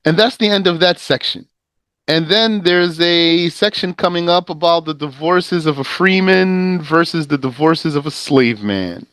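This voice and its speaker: A man teaching a lesson on a legal text, reading passages briskly, translating them slowly and quizzing his students in a conversational manner. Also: fairly high pitch, smooth, dry recording. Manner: lively, explanatory, conversational. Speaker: teacher of Islamic law.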